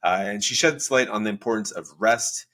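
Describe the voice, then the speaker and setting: Upbeat low-voiced male podcast host. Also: a little fast, bright, forceful tone. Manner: upbeat, chatty, stumbling over words. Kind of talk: podcast hosting and interviewing.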